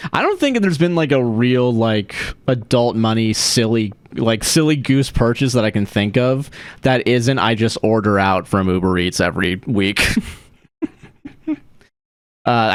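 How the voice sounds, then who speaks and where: A man's voice: mid-range voice, dry recording, clean studio sound. A young man from Florida, chatting casually and rambling while he streams a game, swearing freely and laughing often. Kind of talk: casual livestream chat while gaming.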